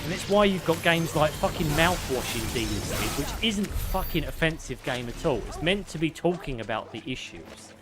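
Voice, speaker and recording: A man's voice: on the high side, big pitch swings, normal speed, few pauses, over loud music. A young man streaming a game, swearing freely as he rants and chats with viewers. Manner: profane, ranting, chatting with viewers. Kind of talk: live gameplay commentary.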